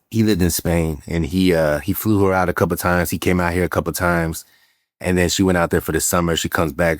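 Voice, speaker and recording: A very deep-voiced man with a drawl tells his stories in a casual, animated way. He acts out what people said and often restarts his sentences. The recording is dry and close, with no room sound. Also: no echo. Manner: animated storyteller, acts out quotes, frequent fillers and restarts. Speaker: real estate entrepreneur guest. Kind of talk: casual storytelling interview.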